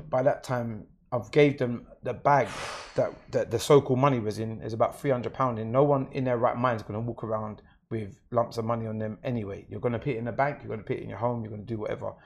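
A man's voice: mid-range voice, steady tone, fast, gravelly. A man with a London accent, a guest in an interview, recounting his own experience in a plain, matter-of-fact way. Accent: London English. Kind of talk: personal story in an interview.

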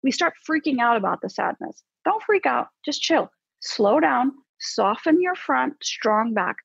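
A woman psychologist, a podcast guest, explaining how to handle emotions in a lively, coaching way with casual fillers. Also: high voice, unhurried, gravelly, husky, no room sound. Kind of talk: conversational podcast advice. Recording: slightly dull, dry podcast audio.

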